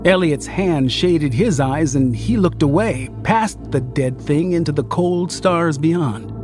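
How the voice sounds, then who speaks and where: A man reading a first-person science fiction story in a measured, hushed way. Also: fairly high pitch, over music. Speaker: narrator.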